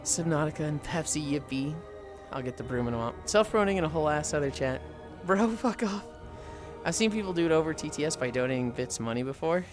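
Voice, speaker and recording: Lively, profane male streamer chatting casually. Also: a little high, fast, music in the background. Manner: animated, profane storytelling with voiced impressions. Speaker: livestreamer. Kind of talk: casual livestream chat, reading and answering chat.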